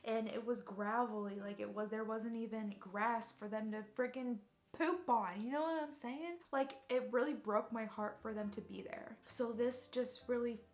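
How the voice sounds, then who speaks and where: A woman's voice: fairly high pitch, normal speed. A young woman telling a personal story in a chatty, rambling way, sincere and emotional at times. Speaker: vlogger.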